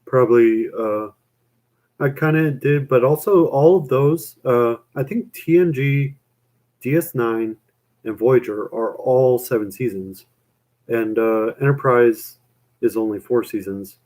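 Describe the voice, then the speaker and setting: A man's voice: medium pitch, unhurried, a little mellow. A young man chatting on a live stream, rambling with lots of fillers and casual swearing.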